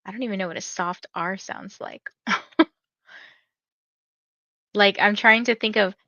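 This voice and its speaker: A woman's voice: mid-range voice, unhurried, pushed and bright, dry recording, muffled recording. A young woman hosting a reading livestream, chatting casually with viewers and reading out their comments, with lots of fillers. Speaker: livestream host reading books.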